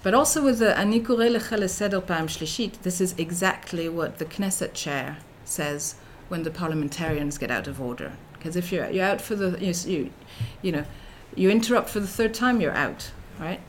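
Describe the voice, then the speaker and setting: A middle-aged woman delivers an academic lecture in a somewhat low voice, thinking aloud with many fillers and restarts. A faint noise sits behind her voice. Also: expressive, normal speed, hardly any pauses. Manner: thoughtful, with frequent fillers and restarts. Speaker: researcher giving a talk.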